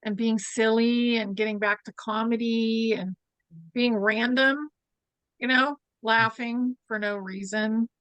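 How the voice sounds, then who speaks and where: A woman hosting a casual fireside chat, talking in a relaxed, reflective way. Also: fairly high pitch, slow pace, clean tone, dry recording, rough recording. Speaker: host.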